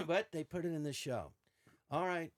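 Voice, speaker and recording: A man's voice: a little high, unhurried, no echo, studio quality. An older man, a podcast guest, telling stories in casual chat and acting out quoted lines with shifting voices. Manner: animated, acts out quotes in varied voices.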